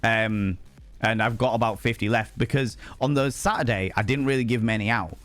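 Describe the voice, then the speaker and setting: A young man chatting casually on a live stream, animated and swearing freely, jumping high in pitch for emphasis. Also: moderate pace, faint music behind.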